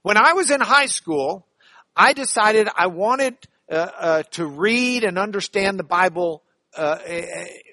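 High, lively male Bible class teacher. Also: takes it slowly, dry recording. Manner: playful, joking, spells out words. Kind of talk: church class lecture.

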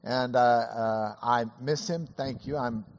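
A hoarse man who is ill, teaching a Bible class through a chatty anecdote with many fillers. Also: mid-range voice, steady tone, slow, in a large hall, dull audio. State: hoarse from illness. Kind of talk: storytelling lesson.

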